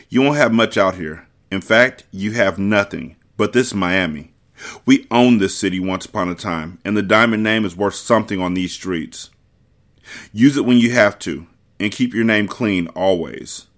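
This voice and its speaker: A man's voice: fairly low pitch, moderate pace, close to an everyday voice. Man voicing fierce protective aunt. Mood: urgent. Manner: firm, urgent, tender. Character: fierce grieving aunt, protective young woman.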